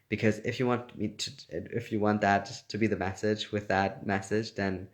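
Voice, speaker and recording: A man's voice: on the low side, level tone, moderate pace, few pauses. A young man chatting casually on a livestream, reading fan comments aloud and laughing often. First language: German. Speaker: actor answering fan questions.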